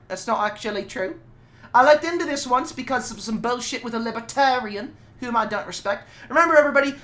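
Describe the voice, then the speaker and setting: High, bright-voiced streamer woman. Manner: playful, profane, puts on a mock Cockney accent. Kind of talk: casual live-stream chat while drawing.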